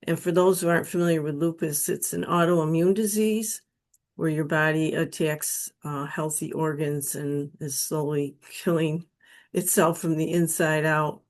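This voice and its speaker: A middle-aged woman from Western New York slowly telling a personal spiritual testimony, emotional and earnest. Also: low-pitched, steady tone, a little mellow. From Western New York State. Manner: slow, emotional, pleading when quoting her prayers. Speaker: guest telling her near-death experience story.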